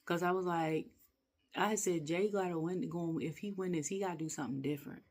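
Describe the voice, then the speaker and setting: Woman, casual rant, rambling, animated, laughing often. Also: fairly low pitch, a little fast. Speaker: wrestling reviewer.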